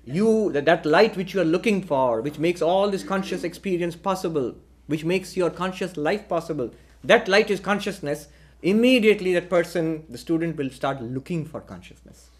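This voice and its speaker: A man teaching a philosophical lecture in a measured way, posing rhetorical questions to his listeners. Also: on the high side, expressive. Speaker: spiritual teacher.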